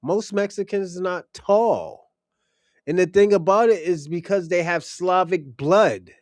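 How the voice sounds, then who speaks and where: Crude high-voiced man ranting. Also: measured pace, no room sound, studio quality. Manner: blunt, crude, swaggering. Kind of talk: profane opinion rant.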